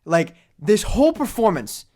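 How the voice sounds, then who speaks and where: A young man cohosting a podcast, telling jokey stories in casual chat that drop to quiet mumbles and swing back up loud. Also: high voice, measured pace. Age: young adult. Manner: animated storytelling, jokey, trails into mumbles. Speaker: podcast co-host.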